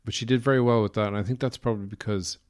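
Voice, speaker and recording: A man's voice: fairly low pitch, fairly even intonation, very fast, a little mellow. An Irish man hosting a podcast, rambling through a wry comic monologue with lots of fillers. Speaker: podcast host. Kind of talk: casual comedic monologue.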